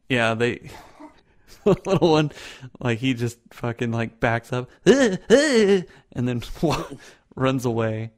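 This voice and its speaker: A man running a tabletop game as game master, laughing often and filling pauses with ums as he narrates. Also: medium pitch, big pitch swings. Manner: laughing, hesitant, frequent ums.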